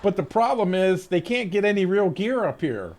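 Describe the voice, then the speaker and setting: A man's voice: high voice, very animated, moderate pace, a little mellow. A man streaming a game, telling a rambling story with frequent swearing and restarts, at his desk mic. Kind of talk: casual stream chat.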